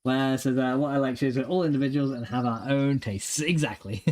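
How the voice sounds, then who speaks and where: A man streaming a game live, reading and thanking his chat in an excitable, giggly way with plenty of swearing. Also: mid-range voice, normal speed.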